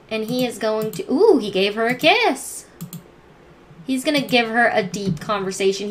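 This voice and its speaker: A woman's voice: on the high side, a bit bright, a little hiss or hum. A woman narrating her life-simulation game play in a chatty way, thinking aloud with many restarts. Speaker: gameplay narrator. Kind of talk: let's play commentary.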